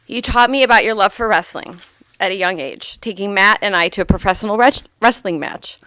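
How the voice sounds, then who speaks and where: A woman in her thirties reading a eulogy for her grandfather aloud, heartfelt and gently humorous. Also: medium pitch, fairly quick, smooth, dry recording.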